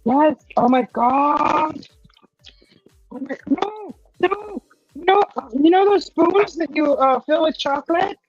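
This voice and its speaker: A woman hosting a casual livestream chat, excitable and gushing, laughing often. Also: high-pitched, takes it slowly, no room sound, lo-fi sound, soft background music. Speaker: livestream host.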